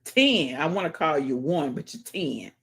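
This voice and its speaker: A woman's voice: low-pitched, lively intonation, a little slow, fairly bright tone, breathy edge. A woman hosting a casual livestream, greeting viewers by name and chatting as she reads the comments. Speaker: livestream host.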